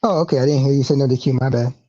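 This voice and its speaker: A woman's voice: extremely low pitch, steady tone, very fast, mellow, slightly rough. A woman co-hosting a podcast, chiming in casually with short agreements and the odd swear. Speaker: podcast co-host. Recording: dull lo-fi podcast audio.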